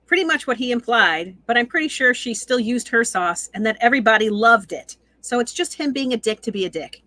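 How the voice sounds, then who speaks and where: Woman, slightly high bright voice, dry close mic, chatty recap host. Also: expressive, brisk, dry recording, low-quality recording. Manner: laughs often, chatty. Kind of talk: casual reality-TV recap chat.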